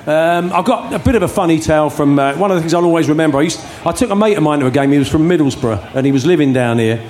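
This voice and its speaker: A man with a London accent telling a lively anecdote on a live podcast. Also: fairly high pitch, fast. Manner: animated storytelling. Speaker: podcast co-host.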